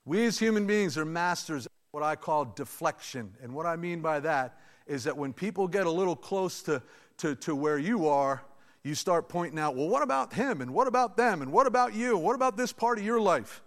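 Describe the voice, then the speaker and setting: Male pastor, high voice, chatty animated preaching, big reverberant church. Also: fairly quick. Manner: animated, conversational preaching with asides to the congregation. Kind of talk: sermon. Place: church sanctuary. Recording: long reverb of a large hall.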